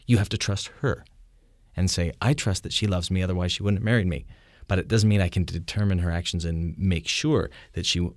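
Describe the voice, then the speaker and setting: A man's voice: deep voice, no room sound, studio quality. A man leading a conversational theology discussion, explaining through vivid examples and often asking whether the others see his point. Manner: animated explainer, shouts quoted lines in vivid examples, asks "you see?".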